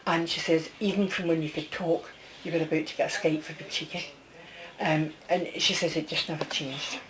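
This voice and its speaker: A woman works as a medium in a close, one-to-one reading. Her voice sits a little low. She talks in a chatty stream, relaying what she hears and constantly asking whether it makes sense. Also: fairly even intonation, normal speed, a bit bright, poor audio. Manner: chatty, relays messages, keeps checking with the sitter. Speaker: psychic medium.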